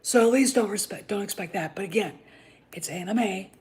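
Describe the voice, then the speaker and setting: A woman's voice: medium pitch, normal speed, a little mellow. A woman hosting a casual commentary vlog, talking in a blunt, profane and opinionated rambling way. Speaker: host of a channel on the Star Wars franchise.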